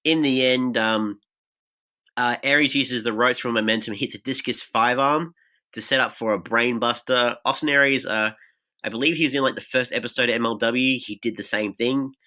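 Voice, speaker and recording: A man's voice: mid-range voice, steady tone, moderate pace, pushed and bright. A man with an Australian accent, hosting a podcast and recapping wrestling in a chatty way, full of fillers and asides. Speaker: podcast host. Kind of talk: casual recap talk.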